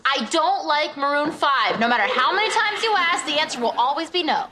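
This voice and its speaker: A woman trading deadpan, sarcastic quips in sitcom dialogue. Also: high-pitched, a little fast, background noise. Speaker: sitcom character.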